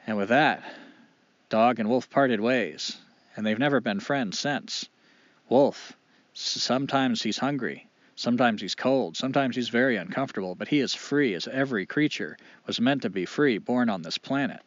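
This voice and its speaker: A man telling a fable aloud, animated and expressive with dramatic pauses. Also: mid-range voice, dry recording. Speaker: storyteller. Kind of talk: oral storytelling. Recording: dull lo-fi dry recording.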